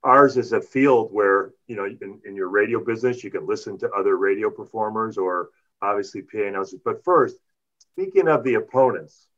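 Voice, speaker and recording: A man's voice: on the low side, brisk, a bit bright, lo-fi sound. A man who is a radio announcer, hosting a podcast interview with long conversational questions.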